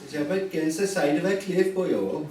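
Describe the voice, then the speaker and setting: Slow-talking man joking at a game table. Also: high voice. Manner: jokey, laughs often, restarts words. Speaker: player. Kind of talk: casual table chat. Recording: echoey room, far from the mic, noisy.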